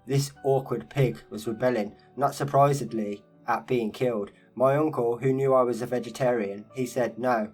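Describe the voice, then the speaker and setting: Male narrator, mid-pitched, steady measured storytelling read, faint guitar bed underneath. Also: poor audio. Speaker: narrator reading a first-person memoir interview. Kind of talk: scripted narration.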